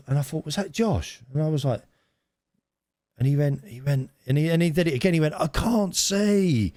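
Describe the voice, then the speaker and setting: A middle-aged man co-hosting a podcast, telling an anecdote in a casual, animated way with frequent laughs and restarts. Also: mid-range voice, no room sound, studio quality. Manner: animated storyteller, laughs often, many restarts. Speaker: podcast co-host. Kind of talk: casual storytelling chat.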